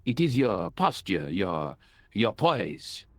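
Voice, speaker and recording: A boastful old French soldier from a video game, with a French accent and a pompous, chuckling manner. His pitch swoops widely as he talks. The studio sound is dry. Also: very animated, slow pace, no echo, exaggerated voice.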